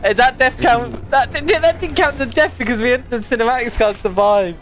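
A man playing a co-op game and chatting casually, quick to laugh and protest. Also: extremely high pitch, fairly bright tone. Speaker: co-op game player. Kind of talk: casual gaming chat. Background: game music and sounds.

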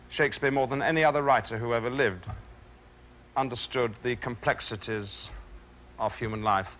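Male actor explaining verse, forceful tone, measured pauses, faint noise behind. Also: medium pitch. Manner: measured, reflective, with thoughtful pauses. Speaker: stage actor. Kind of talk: talk on performing Shakespeare.

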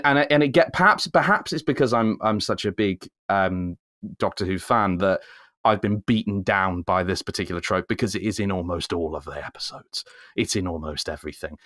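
A man co-hosting a podcast, ranting in casual chat and climbing high when he gets worked up. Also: no echo, clean studio sound. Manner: animated ranting, rising high when excited. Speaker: podcast co-host.

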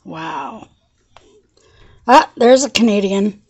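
A woman chatting through a casual craft show-and-tell vlog, gushing and excitable, laughing often and shaky with excitement. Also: mid-range voice, slow pace, pauses often. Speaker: craft vlogger.

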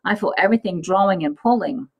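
A woman's voice: fairly low pitch, expressive, fast talker, creaky, lo-fi sound. A woman voicing a frightened first man who laments as his body shrinks. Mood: lamenting. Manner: anguished, lamenting.

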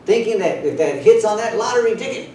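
Echoey, far-off man preaching slowly. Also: animated, mellow. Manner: unhurried preaching with drawn-out emphasis. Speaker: pastor. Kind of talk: sermon. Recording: very echoey room, voice from far off, faint rumble.

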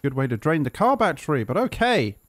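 A man's voice: on the high side, very animated, fairly quick, no room sound. A young man giving casual, sarcastic gameplay commentary, swearing freely and yelping when startled. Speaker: gaming commentator.

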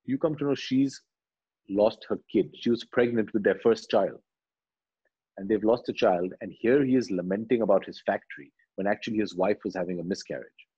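Husky man telling a story. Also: lowish voice, moderate pace, lo-fi sound. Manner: animated storyteller, acts out dialogue lines quietly. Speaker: actor, interview guest. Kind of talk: conversational interview, retelling film scenes.

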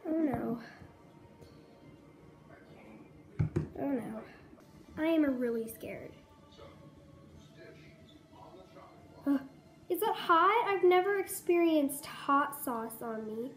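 A woman's voice: high voice, expressive, a little slow. A woman voicing a young mare in a toy horse role-play video, squealing and frantic with disgust. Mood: scared.

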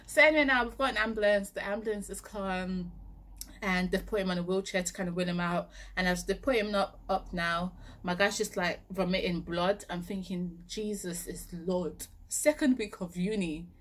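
A young woman from Nigeria telling a lively story, acting out her own panicked lines and laughing often. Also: mid-range voice, normal speed. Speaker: vlogger. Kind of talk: animated storytelling.

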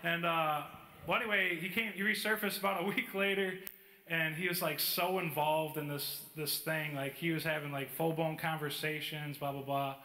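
In an echoey church hall, a man preaches and tells a story casually, with plenty of fillers. His voice is a little high, pushed and bright, with fairly even intonation and normal speed, as he delivers sermon storytelling.

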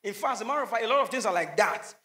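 A Nigerian man performing stand-up comedy, his voice very high and bright as he drives each joke home. He drops into Pidgin asides and hits his punchlines at full volume. The sound is echoey, with a faint hiss behind him. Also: lively intonation, rapid-fire. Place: comedy stage before a live audience. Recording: echoey venue with faint noise.

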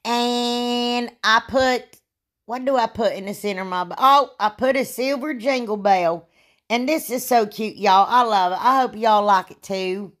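A woman's voice: on the high side, a little slow, a bit bright. Chatty woman with a sore throat. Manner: chatty, rambling, self-deprecating. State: sore throat, frequent throat clearing. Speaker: DIY crafter. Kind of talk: casual craft tutorial voice-over.

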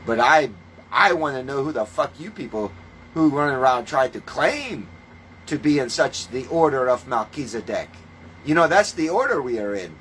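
A man preaching in a ranting monologue, scornful and full of swearing, moving between calm teaching and loud outbursts. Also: medium pitch, normal speed, slight background noise, rough recording. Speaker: self-styled religious preacher.

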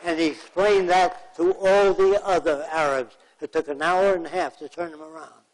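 A man's voice: on the high side, fairly even intonation, normal speed, poor audio. A man giving a lecture, telling plain anecdotes and acting out the people in them. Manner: anecdotal, plainspoken, acts out quotes. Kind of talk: storytelling lecture.

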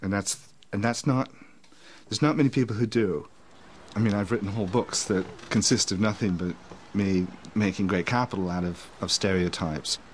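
Male writer, low voice, reflective, faint hiss. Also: normal speed. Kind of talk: interview.

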